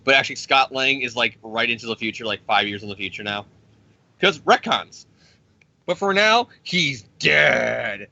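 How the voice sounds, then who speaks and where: A man's voice: mid-range voice, animated, pushed and bright, no room sound, lo-fi sound. A man casually recapping a comic storyline, rambling and profane, and briefly voicing the characters as he goes. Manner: rambling, profane, acts out characters in quick impressions. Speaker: comic book podcast host.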